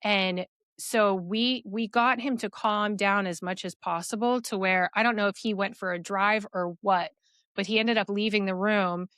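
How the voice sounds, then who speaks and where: A woman's voice: medium pitch, fairly even intonation, moderate pace, a bit bright, clear, resonant tone, no echo, clean studio sound. A young adult woman, a podcast guest, tells a personal story in a rambling way full of "like" fillers.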